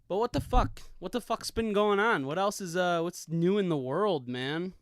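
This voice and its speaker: A man in his thirties with a slightly high, smooth, resonant voice rambles through a casual solo podcast, swearing freely and drifting from story to story. He is recorded dry and close on a studio microphone with a pop filter. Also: normal speed, hardly any pauses, no echo. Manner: rambling, profane, laid-back. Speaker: podcast host.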